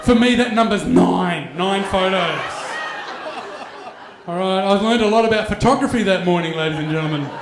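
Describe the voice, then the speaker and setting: A man's voice: sits high, moderate pace, echoey room, background noise. A man, doing stand-up comedy and telling a crude story with mock voices. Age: 40s. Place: stage in a venue with an audience.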